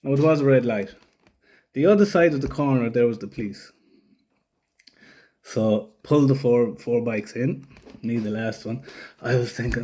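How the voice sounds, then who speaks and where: A man's voice: mid-range voice, measured pace, long pauses, warm tone. A young man telling a story casually, rambling, swearing freely and acting out other people's lines. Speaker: vlogger.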